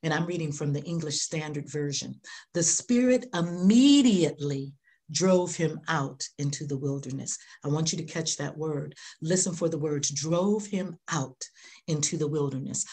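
A woman's voice: deep voice, darkish tone. A middle-aged woman pastor preaching a sermon, earnest, repeating key phrases for emphasis.

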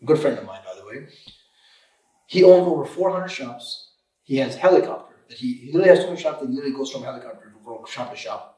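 A man's voice: mid-range voice, lively intonation, fast talker, warm tone. A man in his thirties, an auto shop owner and guest, talking emphatically in a casual podcast interview and repeating himself as he goes. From Michigan, USA. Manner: emphatic, repeats words, restarts often. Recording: roomy room, distant mic.

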